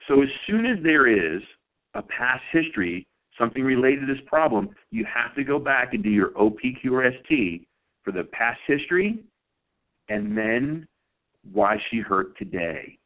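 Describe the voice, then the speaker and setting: A man's voice: medium pitch, sing-song, moderate pace. A man, a guest consultant on a podcast, explains things emphatically and repeats key points as he teaches. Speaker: guest chiropractic billing consultant. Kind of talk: instructional podcast talk. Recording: tinny phone-like line.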